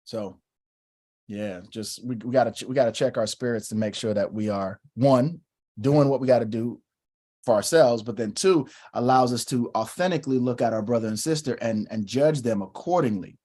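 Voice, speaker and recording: A man's voice: mid-range voice, normal speed. A man in his thirties telling stories in a casual religious discussion, acting out quotes as he goes. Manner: animated storyteller, acts out quotes. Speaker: co-host.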